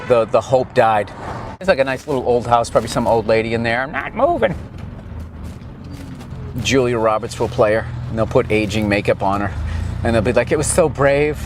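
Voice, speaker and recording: Riding along a city street outdoors, a man with a mid-range voice vlogs as he goes, riffing in a profane, sarcastic, comedic way. Background noise is audible.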